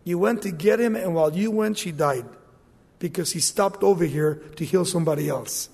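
Male preacher, high voice, animated sermon delivery, acts out scenes, big reverberant hall. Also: normal speed, vocal fry, husky.

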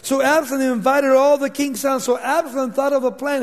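High-voiced preacher in a reverberant hall. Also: male voice, a little fast, hardly any pauses. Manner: acts out quotes, drops to hushed intensity. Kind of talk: expository sermon, paraphrasing scripture.

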